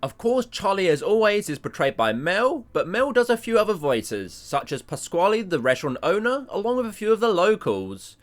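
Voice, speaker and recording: A man narrating a cartoon review video with animated, self-deprecating jokes. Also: high-pitched, normal speed, hardly any pauses.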